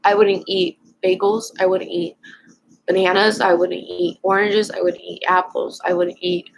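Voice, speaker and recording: A young woman vlogger casually telling a personal story at home, rambling and halting with lots of fillers. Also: on the low side, little pitch movement, gravelly, a little hiss or hum, rough recording.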